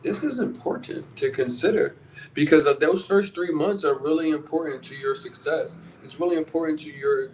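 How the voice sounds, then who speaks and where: A man from Philadelphia with a Philly accent, hosting a podcast as a conversational, blunt monologue full of rhetorical questions. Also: on the high side. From Philadelphia, USA. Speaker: podcast host. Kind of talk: motivational monologue.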